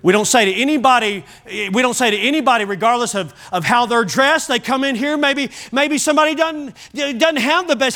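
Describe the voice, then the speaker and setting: Middle-aged man, pastor, high voice, bright tone, sermon in church, animated storyteller, restarts his lines. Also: fairly quick, hardly any pauses. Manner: animated storytelling, repeats words when starting a line.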